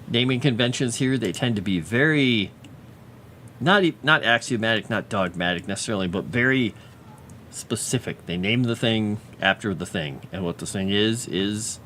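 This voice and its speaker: A man's voice: lowish voice, fairly bright tone, slight background noise. A man casually chatting on a livestream while drawing a fantasy map, muttering to himself and cooing at his pet.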